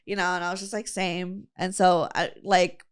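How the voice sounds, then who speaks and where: A woman's voice: on the low side, level tone, moderate pace, clear, resonant tone. A woman hosting a podcast, telling a long story in casual chat, full of fillers and quoted friends. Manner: chatty storyteller, lots of fillers and quoting friends. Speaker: podcast host.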